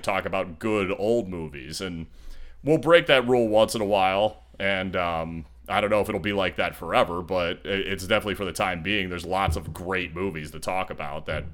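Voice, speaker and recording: A man with a deep, low voice hosts a relaxed movie podcast. He rambles along with plenty of "uh"s, restarts and asides, in an easygoing, conversational way. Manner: rambling, with many fillers and restarts. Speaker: podcast co-host. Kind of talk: casual podcast chat.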